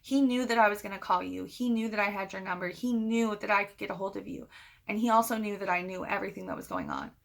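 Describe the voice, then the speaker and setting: A woman retelling as an upset girlfriend, hushed. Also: medium pitch, sing-song, fast, creaky. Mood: hurt, quiet.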